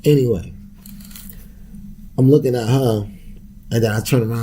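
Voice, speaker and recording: A man's voice: medium pitch, steady tone, normal speed, dark tone, slight background noise. A young man hosting a podcast, ranting casually with loose street slang, profanity and laughter. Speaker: podcast host.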